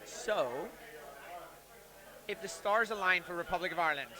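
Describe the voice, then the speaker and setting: Eager, high-voiced male guest. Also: normal speed, a crowd in the background, poor audio. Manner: eager, chatty, self-mocking. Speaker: guest reporting tournament results. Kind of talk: casual live-stream chat.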